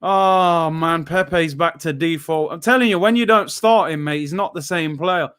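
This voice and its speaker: A young man reacting live to a football match, his voice sitting high for a man. He grumbles with frustration, then bursts into shouts at near misses. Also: moderate pace, smooth. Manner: frustrated, animated fan with sudden shouts. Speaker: football watchalong host.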